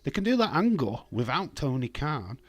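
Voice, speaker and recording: A man with a hoarse voice, hosting a casual live stream from home and talking in a blunt, rambling way. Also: medium pitch, very animated, moderate pace. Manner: blunt, rambling, profane, reads chat aloud.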